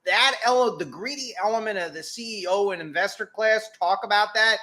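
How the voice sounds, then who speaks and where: A man's voice: high voice, bright, forceful tone. A man hosting a political commentary show, delivering an indignant, profanity-laced rant. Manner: indignant, swearing, emphatic.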